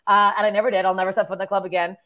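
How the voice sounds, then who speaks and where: Fast-talking, profane woman comedian. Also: medium pitch, level tone, a bit bright. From Canada. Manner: blunt, profane storytelling. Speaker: stand-up comedian, podcast guest. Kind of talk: casual podcast chat.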